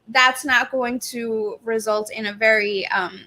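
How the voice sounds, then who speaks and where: A woman talks earnestly in a casual podcast chat. Her voice sits a little high and sounds bright and sharp. She breaks into laughter often. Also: steady tone, measured pace, hardly any pauses. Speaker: podcast co-host. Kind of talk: casual conversation.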